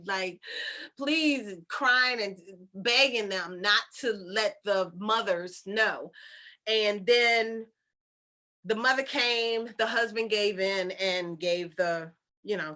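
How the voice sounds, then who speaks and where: A woman's voice: medium pitch, sharp tone. A woman retelling a story in a casual monologue, chatty and incredulous, with rhetorical questions and informal speech. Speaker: channeler and storyteller.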